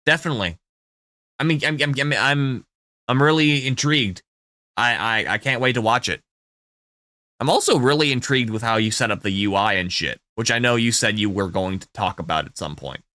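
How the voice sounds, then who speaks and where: A man's voice: mid-range voice, a little fast, sharp tone, no room sound, clean studio sound. A man streaming a game, chatting casually with his viewers in a loose, profane way, full of ums and restarts. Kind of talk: casual live-stream chat.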